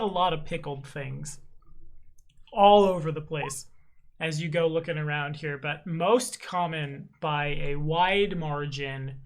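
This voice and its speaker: A man's voice: on the high side, creaky, fairly bright tone, a little hiss or hum. A man running a tabletop game as game master, narrating in a casual, chatty way. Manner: casual, chatty, slows down for tricky words.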